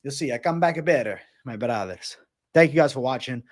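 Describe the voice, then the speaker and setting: A man hosting a live stream, talking casually and loudly to his viewers, swearing a lot while he shadowboxes and gets out of breath. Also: medium pitch, expressive, moderate pace. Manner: hyped, profane, shouting out viewers.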